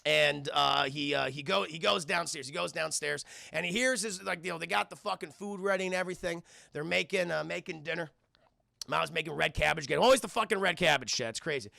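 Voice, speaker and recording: A man's voice: on the high side, a little fast, creaky, no room sound, studio quality. A man casually recapping a film for his live-stream chat, swearing freely and addressing the chat over and over. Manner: profane, animated, keeps addressing his chat.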